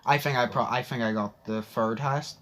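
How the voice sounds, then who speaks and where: A man hosting a podcast, telling stories in blunt, animated casual chat. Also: medium pitch, brisk. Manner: blunt, animated storytelling with frequent swearing. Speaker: podcast host.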